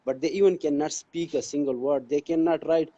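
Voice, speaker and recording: A man from Pakistan speaks earnestly as an interview guest, circling back on phrases as he explains. His voice is mellow and sits a little high, and the audio comes through dull and lo-fi. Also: steady tone, a little fast. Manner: earnest, repeats phrases like "you can say". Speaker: guest, English teacher. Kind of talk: interview conversation.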